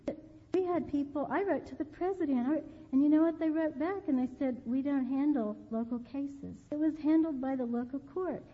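A woman's voice: high-pitched, normal speed. An older woman giving an earnest sermon testimony, repeating key phrases for emphasis. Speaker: preacher. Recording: tinny phone-like sound with long reverb.

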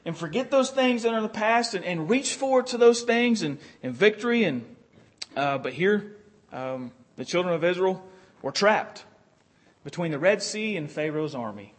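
Earnest high-voiced male preacher. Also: animated, normal speed. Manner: earnest, repetitive restarts, quotes prayers in character. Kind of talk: sermon.

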